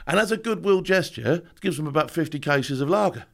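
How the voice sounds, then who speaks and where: A man, a former soldier, telling stories in a casual interview, animated and laughing as he acts out what others said. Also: a little high, a little fast, gravelly. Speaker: podcast guest, former special forces soldier.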